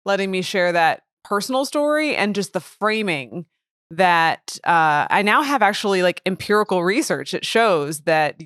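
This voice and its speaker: A woman's voice: medium pitch, animated, normal speed, a bit bright, no echo, clean studio sound. A woman guest, an author and researcher, talking casually in a chatty way with lots of filler words. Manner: chatty, with frequent "like" fillers and restarts. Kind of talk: casual conversation.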